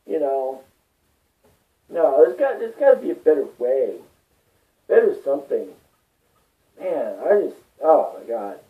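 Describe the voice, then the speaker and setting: A man's voice: a little high, big pitch swings, measured pace, long pauses. A man rambling through a personal monologue, swearing often and getting worked up as he talks. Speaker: vlogger. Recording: distant tinny phone-like sound.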